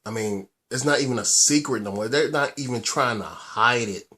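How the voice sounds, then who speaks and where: A man from the United States ranting angrily in his vlog, halting and restarting often and swearing for emphasis. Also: medium pitch, bright, forceful tone, husky. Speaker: vlogger. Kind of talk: angry personal vlog rant.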